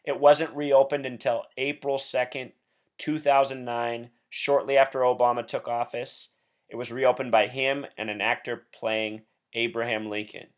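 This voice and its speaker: A man of ordinary pitch delivers a solo commentary straight to his viewers. He speaks intensely and with emphasis, leaning on each point as he goes. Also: little pitch movement, normal speed. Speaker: blogger and video host.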